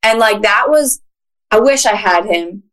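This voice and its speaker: A woman with a Philadelphia accent, a guest on a podcast, telling stories in an animated, casual way with lots of "like.". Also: mid-range voice, unhurried. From Philadelphia, USA. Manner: animated storyteller, frequent "like".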